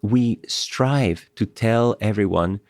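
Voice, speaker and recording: A middle-aged Greek professor appears as a guest in a conversational podcast interview, telling animated stories, laughing often, and repeating words as he starts. His voice is lowish and slow-paced, in a dry recording.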